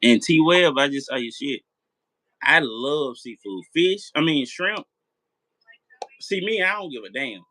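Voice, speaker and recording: Bright-voiced rambling man. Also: fairly high pitch, animated, measured pace, no room sound, low-quality recording. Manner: rambling, repetitive, profane; talks straight to viewers. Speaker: live stream host. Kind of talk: casual late-night chat.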